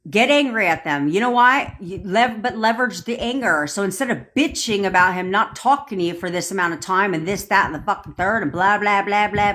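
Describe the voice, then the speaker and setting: A woman's voice: mid-range voice, fairly bright tone. Blunt, profane woman ranting on a livestream. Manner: blunt, profane, answers viewer comments directly. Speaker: manifestation coach. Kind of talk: casual livestream rant. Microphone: phone or webcam on a livestream.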